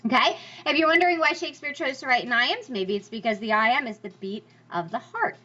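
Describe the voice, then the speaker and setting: A woman's voice: sits high, animated, brisk, pushed and bright. A woman teaching a lesson on poetry in a chatty, encouraging way. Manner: encouraging, chatty, reassures listeners. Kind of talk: recorded lecture on poetry. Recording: dull lo-fi recording.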